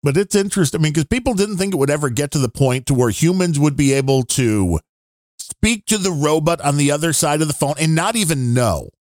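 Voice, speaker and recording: A man's voice: a little high, animated, a little fast, a little mellow, dry recording. Dry-sounding opinionated podcast man. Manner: rambling, opinionated, grumbling. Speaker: podcast co-host. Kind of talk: casual podcast chat.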